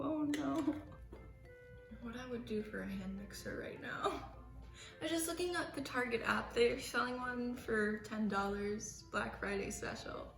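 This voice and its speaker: Chatty young woman in an echoey kitchen. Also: on the high side. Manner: chatty, self-mocking, dramatic. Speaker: vlogger. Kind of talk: casual baking vlog chat. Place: home kitchen. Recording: echoey room with faint music.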